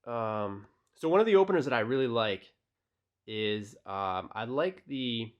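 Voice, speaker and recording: A man's voice: mid-range voice, unhurried, clean tone, dull audio. A young man coaching on dating, talking casually with many fillers and reading text messages aloud. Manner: relaxed, direct, many fillers. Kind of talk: casual tutorial talk, reading texts aloud.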